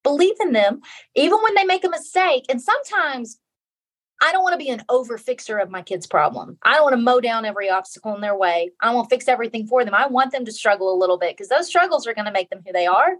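A woman's voice: on the high side, animated, fast talker, fairly bright tone. A middle-aged woman, a guest author in a casual interview, talking earnestly and repeating phrases for emphasis.

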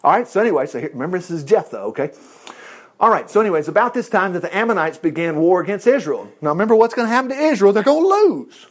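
A man with a high, lively voice leads an informal Bible study. His pitch swings widely as he preaches bluntly and slips into voices to act out the story. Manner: blunt, animated, acts out quotes in the voices of others. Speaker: Bible teacher.

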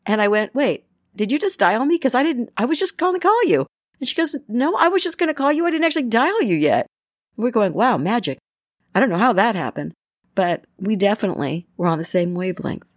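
A woman's voice: lowish voice, no echo, studio quality. A middle-aged woman giving casual advice on friendship, chatty, often acting out little quoted exchanges. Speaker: self-help speaker. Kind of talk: casual advice talk to camera.

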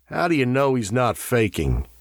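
A man's voice: lowish voice, very animated, slow pace, slightly rough, no echo, studio quality, full character voice. A man voicing a skeptical, blunt crewman who questions everything.

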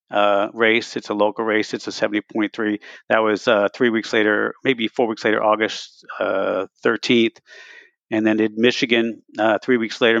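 A man in his sixties, a podcast guest, telling his race stories in a casual, animated way and often acting out what he said to himself. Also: fairly low pitch, vocal fry, no room sound, dull audio. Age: 60s. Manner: animated, retells races with quoted self-talk. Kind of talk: casual storytelling.

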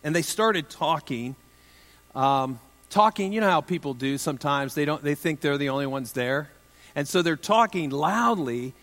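A man preaches a sermon in a fairly high voice. He keeps it conversational and light, with joking asides. The sound trails off into a long hall reverb. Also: expressive, moderate pace, fairly bright tone. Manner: conversational and humorous, with self-deprecating asides. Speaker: pastor.

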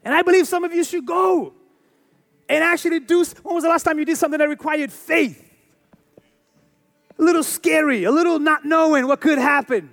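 High-voiced man in his forties preaching. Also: a little fast, long pauses, fairly bright tone, soft background music. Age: 40s. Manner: emphatic preaching with repeated phrases and rhetorical questions. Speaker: pastor. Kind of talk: sermon.

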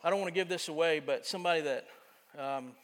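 A man preaching a sermon as pastor in a church, earnest, moving between loud emphasis and quiet confiding. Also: fairly high pitch, fast. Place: church sanctuary. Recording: long church reverb.

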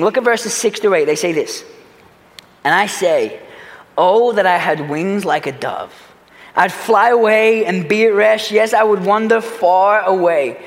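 A man preaching a sermon as a pastor, earnest, swinging from loud urgency to hushed reflection. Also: high voice, long reverb tail. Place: church sanctuary.

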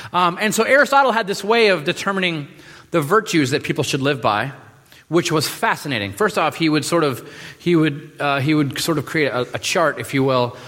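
A man preaching a sermon in a relaxed, joking way, with many fillers and restarts. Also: fairly high pitch. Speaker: pastor. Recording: reverberant hall.

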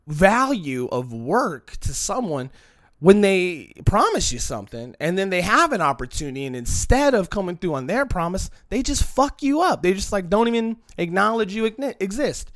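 A comedian talks straight into a phone camera in a loose, profane monologue, a man with a slightly high voice that swoops all over. He mocks people in put-on voices and admits his voice is shaky. The sound is dry and close, with no room around it. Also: normal speed, dry recording. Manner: profane, rambling, animated with mocking quoted voices. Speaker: comedian self-producing a video. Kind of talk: casual vlog monologue. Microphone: phone used as camera.

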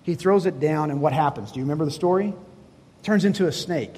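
A man preaching a sermon with a fairly high, husky voice, which rings out in a reverberant hall. He talks in a conversational way, putting questions to the congregation and acting out bits of dialogue from the story. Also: brisk, darkish tone. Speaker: pastor. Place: church hall before a congregation.

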